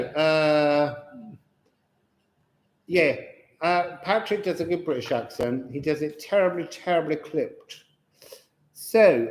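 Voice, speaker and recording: A man giving an unscripted card reading to viewers, slow and musing with chatty asides. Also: on the high side, a little mellow. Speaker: tarot and astrology reader. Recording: echoey room.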